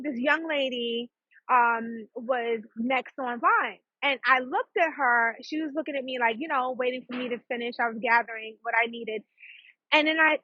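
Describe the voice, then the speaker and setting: Chatty New woman, bright and husky. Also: high voice, dry recording, lo-fi sound. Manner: chatty, fast, laughs at herself, asides to listeners. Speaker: podcast host and psychic. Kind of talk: casual storytelling monologue.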